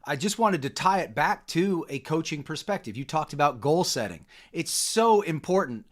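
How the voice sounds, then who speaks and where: A man's voice: on the high side, lively intonation, normal speed. A man hosting a podcast about coaching, summing up his guest's points in casual talk. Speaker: podcast host.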